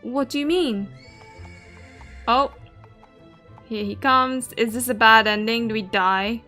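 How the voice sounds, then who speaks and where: Animated woman streamer reacting. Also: a little high, slow. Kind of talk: casual gameplay commentary. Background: faint game music.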